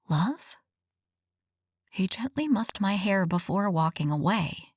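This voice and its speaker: A woman narrating a first-person romance audiobook in an expressive, scripted reading. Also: mid-range voice, slow, pauses often, breathy edge, no echo.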